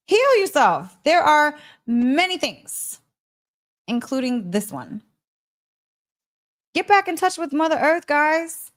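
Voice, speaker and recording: A woman hosting a podcast, telling a story in an excitable, emphatic way, repeating phrases and laughing often. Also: fairly high pitch. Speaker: podcast host. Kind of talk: animated storytelling monologue.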